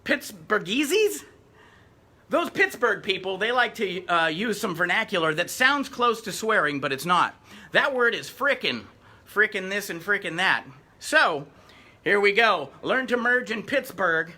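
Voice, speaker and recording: A man's voice: sits high, lively intonation, moderate pace, sharp tone. A middle-aged man, a rapper chatting upbeat between songs during a live-streamed performance. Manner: chatty, upbeat stage patter.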